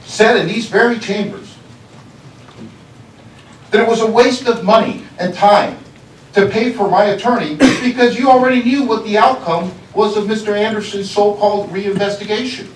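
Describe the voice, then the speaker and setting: A high-pitched man speaking as county sheriff, confronting a board in its meeting chambers. His accusatory, deliberate delivery hammers points home through repetition. He sounds far from the mic in an echoey room, with faint room ambience beneath him. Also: fairly even intonation, a little hiss or hum. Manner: accusatory, deliberate, repeats phrases for emphasis. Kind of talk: public address at a government meeting.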